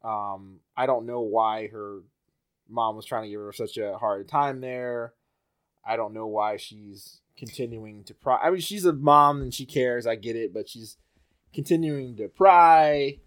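A man hosting a podcast in casual chat, halting with fillers and laughing often. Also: medium pitch. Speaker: podcast host.

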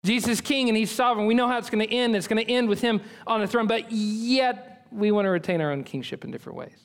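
A man's voice: sits high, quick pace. A man preaching a sermon as pastor, earnest and emphatic, building on repeated phrases.

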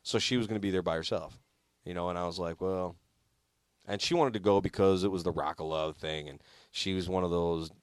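A man's voice: deep voice, a little fast, smooth, no room sound, clean studio sound. A man hosting a radio show, chatting casually in a rambling, self-mocking way with frequent swearing and laughter. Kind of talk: casual chat.

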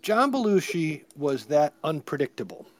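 A man's voice: fairly high pitch, very animated, moderate pace, crowd noise. Joking casual male podcast host. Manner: jokey, rambling. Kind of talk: casual chat.

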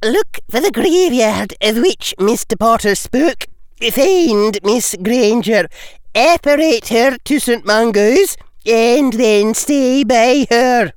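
A woman voicing a stern older witch professor with a Scottish accent, speaking crisply and commandingly. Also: fairly high pitch, lively intonation, takes it slowly, no echo, studio quality. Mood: urgent commands.

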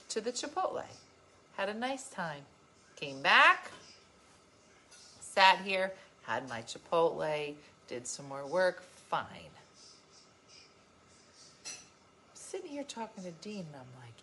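Bright, animated woman vlogger. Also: medium pitch. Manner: emphatic, animated storytelling. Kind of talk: casual chat to viewers, reading comments.

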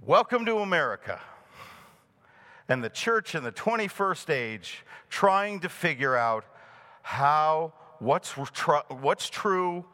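A middle-aged male pastor preaching to a live congregation, telling a personal story with animated delivery and frequent chuckles. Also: on the high side.

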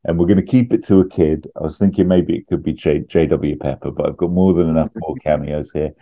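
A man co-hosting a podcast, casually pitching a film plot with lots of laughs and ums. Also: steady tone, fairly quick, hardly any pauses, dull audio. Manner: chatty, laughs often, trails off with ums.

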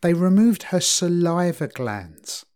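Brief: man, podcast co-host, lively rambling chat, laughs a lot, slightly high-pitched voice. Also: slow pace. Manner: animated, laughs often, rambling with restarts. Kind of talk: casual chat.

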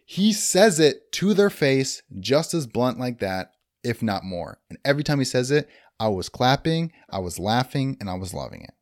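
Lively young-sounding man chatting about a movie. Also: mid-range voice, moderate pace, no room sound, studio quality. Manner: enthusiastic, heavy use of "like" and "dude". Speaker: podcast co-host. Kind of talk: casual movie review chat.

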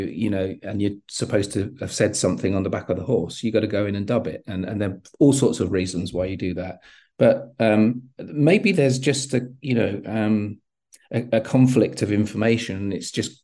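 A man, a guest actor, speaking in a measured, hesitant way with many fillers. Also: lowish voice, dark tone. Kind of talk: casual interview chat.

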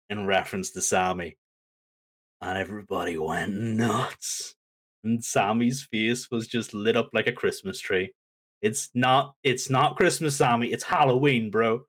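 A man co-hosting a podcast, animatedly recapping a segment, acting out the quotes with big pitch jumps and laughing as he goes. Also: fairly even intonation, measured pace, a bit bright. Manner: laughs as he talks. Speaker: podcast co-host.

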